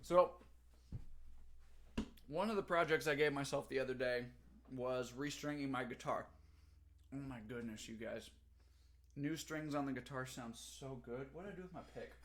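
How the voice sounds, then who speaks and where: A man's voice: mid-range voice, measured pace, long pauses, a bit bright, a little hiss or hum. A young man, a teacher, chatting casually on a livestream from home, reading the chat aloud and talking while he eats.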